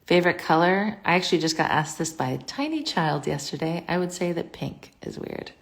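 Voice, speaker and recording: A woman with a low voice and a gravelly edge talks into her phone from home. She runs a casual livestream Q&A, reading viewer comments aloud and answering each one in a chatty, scattered way. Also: fairly quick.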